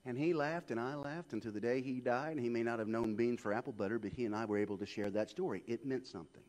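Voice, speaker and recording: A man preaching a sermon, swinging from hushed asides to shouted peaks. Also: on the low side, a little fast. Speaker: pastor.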